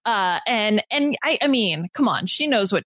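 A woman's voice: medium pitch, measured pace, no room sound. A woman co-hosting a podcast, chatting casually and laughing often as she recaps a reality show. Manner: giggly, animated storytelling. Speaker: podcast co-host.

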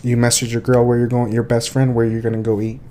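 A young man co-hosting a casual podcast, telling stories with lively acted-out scenes and dropping the odd Spanish phrase. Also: mid-range voice, quick pace, slight background noise. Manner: animated storyteller, acts out scenes with voices. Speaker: podcast co-host.

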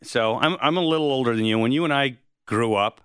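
A man's voice: mid-range voice, a little fast, a bit bright, clear, resonant tone, dry recording, clean studio sound. A man in his forties hosting an interview, asking questions with curiosity and laughing easily. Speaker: podcast host. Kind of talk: casual interview chat.

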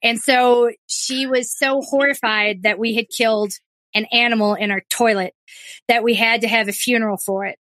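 A woman co-hosting a podcast tells a funny story in a lively, anecdotal way. She is quick and often restarts her sentences. Her voice is recorded close and dry, with no room sound. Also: a little high, no room sound. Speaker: podcast co-host. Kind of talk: casual storytelling chat.

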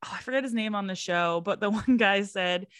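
Woman, podcast co-host, casual chat, laughs a lot, mid pitch, dry sound. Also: fairly quick, fairly bright tone, clear, resonant tone, no echo. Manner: chatty, laughs often, acts out quoted lines.

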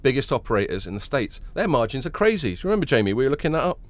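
Tired after a late night, a podcast host chats casually in a nasal voice, rambling and joking with plenty of fillers and restarts. His mid-range voice is very animated and rapid-fire.

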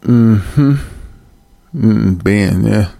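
A man's voice: fairly low pitch, extremely slow, vocal fry, no room sound. A man hosting a livestream, ranting casually with lots of profanity and frequent laughter. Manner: profane, laughing often, animated. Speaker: livestream host.

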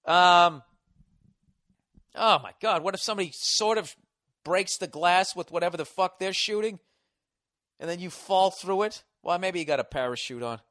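A man's voice: high-pitched, moderate pace, pauses often, fairly bright tone. A man in his forties hosting a show, riffing through a profane comedic rant. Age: 40s.

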